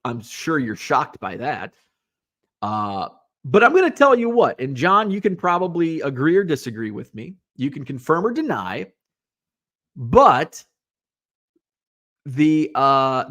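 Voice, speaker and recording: A man's voice: a little high, big pitch swings, measured pace, fairly bright tone. A man from Illinois hosting a podcast, chatting casually and rambling with lots of fillers and asides. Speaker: podcast host. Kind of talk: casual live-show chat, reading viewer comments.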